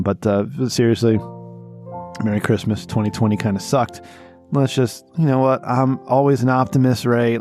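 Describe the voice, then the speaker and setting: A man's voice: mid-range voice, creaky, a little mellow. A man co-hosting a casual podcast, ranting with heavy swearing. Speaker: podcast co-host. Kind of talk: casual profane podcast banter.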